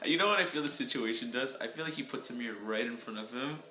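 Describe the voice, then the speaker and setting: A man's voice: mid-range voice, fast talker, pushed and bright. A young man co-hosting a podcast in casual chat, giggly and joking, swearing often. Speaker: podcast co-host. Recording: echoey room.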